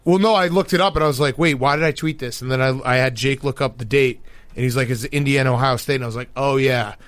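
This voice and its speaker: A man co-hosting a sports podcast, rambling and excitable, with lots of fillers and restarts as he chats. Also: medium pitch, fast, no echo. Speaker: podcast co-host. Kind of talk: casual sports chat.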